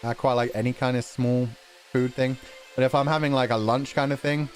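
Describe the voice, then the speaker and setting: A young British man hosting a relaxed stream chat, reading viewer donations, laughing often and swearing casually. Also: mid-range voice, brisk, soft background music. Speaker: streamer host.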